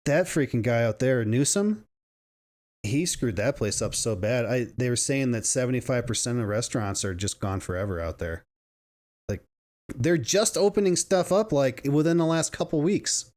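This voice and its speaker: Man, podcast co-host, casual rambling chat, mid-pitched voice. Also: lively intonation, normal speed, darkish tone. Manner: rambling, laughs often, restarts sentences.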